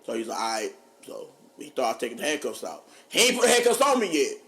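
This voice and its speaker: A man, a podcast co-host telling funny stories in casual chat, animated and laughing often. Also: a little fast, gravelly. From North Carolina. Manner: animated, laughing often, drops low for quoted voices. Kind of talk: casual storytelling.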